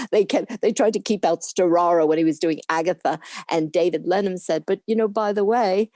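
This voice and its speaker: A woman's voice: on the low side, fairly even intonation, normal speed, hardly any pauses, warm tone, dry recording, clean studio sound. An older woman, a camera assistant being interviewed, talking casually and rambling on with frequent laughs. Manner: chatty, rambling, laughs often.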